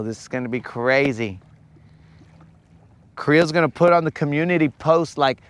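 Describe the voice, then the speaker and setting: A young man hosting a live fishing stream, chatting casually in a rambling, joking way from a boat on a lake. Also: fairly high pitch. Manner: rambling, joking, slow-paced. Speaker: fishing livestream host.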